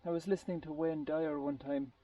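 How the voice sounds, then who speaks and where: His voice is mellow, steady and on the high side, a little fast as he rambles through a long story in a casual group talk. He often restarts sentences while hunting for the right words. The recording is lo-fi, distant and muffled.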